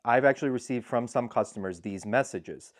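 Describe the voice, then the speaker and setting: A man's voice: mid-range voice, fairly quick. A man hosting his channel, giving frank, matter-of-fact advice on handling buyer returns in a casual talk to the camera. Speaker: eBay seller and channel host.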